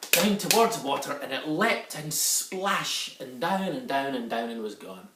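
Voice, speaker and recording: A man's voice: fairly high pitch, lively intonation, normal speed, very noisy. A man with a Scottish accent telling a folk tale to children in a lilting way, slipping into dialect for the characters. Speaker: storyteller. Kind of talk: storytelling for children. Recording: echoey room, a bit far from the mic.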